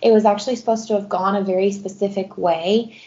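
A woman's voice: mid-range voice, steady tone, a little fast, warm tone, highs cut off. A woman co-hosting a podcast, chatting casually and bluntly about books. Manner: blunt, opinionated. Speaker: podcast co-host. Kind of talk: casual book chat.

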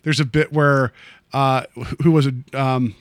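A man's voice: medium pitch, fairly even intonation, measured pace, no echo. A man hosting a podcast, chatting casually and rambling with lots of fillers and restarts. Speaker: podcast host. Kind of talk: casual chat.

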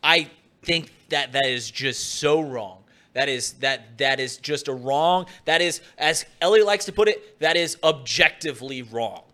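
A man's voice: mid-range voice, a little slow, sharp tone. A man co-hosting a sports talk show in a studio, emphatic and incredulous, repeating himself as he pushes back.

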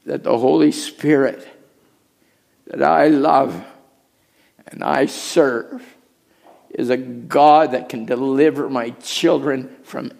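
Gravelly-voiced middle-aged male pastor. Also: medium pitch, fairly even intonation, slow pace, pauses often. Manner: storytelling, shifts between hushed asides and raised preaching. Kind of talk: sermon. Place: church.

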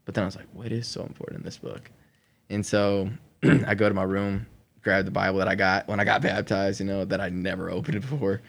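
Man telling his story, low voice. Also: steady tone, a little fast, gravelly, a bit bright. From Oklahoma. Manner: rambling with fillers, laughs between sentences. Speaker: guest sharing his testimony. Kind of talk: conversational podcast storytelling.

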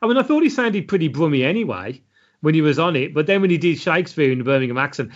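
Man, podcast co-host, slightly higher voice, matter-of-fact trivia delivery, muffled lo-fi recording. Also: expressive, fast talker. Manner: reads out film facts, dry and matter-of-fact. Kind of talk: casual film podcast chat. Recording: dull lo-fi sound.

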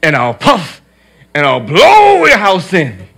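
Man doing a menacing wolf, boastful, drawn-out threats, husky voice. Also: on the high side, huge pitch swings, a bit bright, pitched above the performer's own voice, exaggerated voice.

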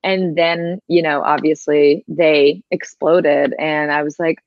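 A woman's voice: on the low side, fairly even intonation, unhurried, few pauses, dry recording, highs cut off. A woman from Georgia chatting as an interview guest, laughing often and filling her talk with "like" and "you know". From Georgia, USA. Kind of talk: casual interview chat.

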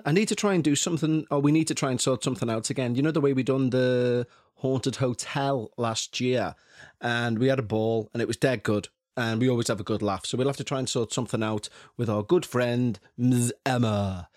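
A man's voice: medium pitch, brisk, no room sound, studio quality. A man hosting a podcast, chatting in a jokey, rambling, self-mocking way. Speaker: podcast host. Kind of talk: casual chat.

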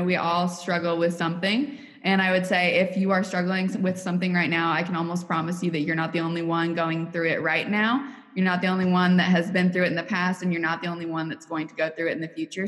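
A woman's voice: fairly low pitch, flat delivery, fast, big-room sound. A woman in her twenties from Missouri, with a Missouri accent, answering interview questions in a poised, articulate and earnest way. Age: 20s. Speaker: interview guest, college student.

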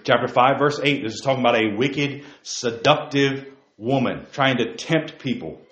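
A man leading a Bible study in a fiery preaching style, emphatic, firing off rhetorical questions and leaping to near-shouts. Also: mid-range voice, normal speed. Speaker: Bible teacher. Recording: roomy, dull lo-fi sound.

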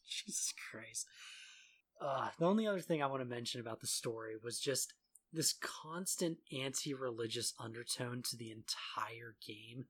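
A young man talking casually on a podcast about a game, medium pitched and at an easy pace. He stumbles and restarts his words, drops curses freely and breaks into laughs between points. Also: moderate pace, a bit bright, slightly rough. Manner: laughs often, swears freely, stammering restarts. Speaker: podcast co-host. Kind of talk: casual chat.

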